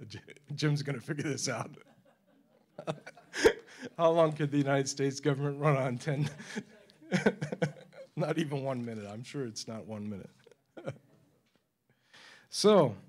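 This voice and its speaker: A man giving a talk to a forum audience in a university lecture room. He tells his stories with energy and chuckles between points. His pitch sits at an ordinary middle level for a man. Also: slow pace, long pauses. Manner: animated storyteller, acts out quoted voices, laughs often. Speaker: forum speaker.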